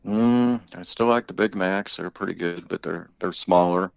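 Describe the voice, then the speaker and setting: Deep-voiced older man telling rambling stories. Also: moderate pace, gravelly, clean tone, no echo, rough recording. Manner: rambling, laughs often, swears freely. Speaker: interviewee, father of the host. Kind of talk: casual storytelling.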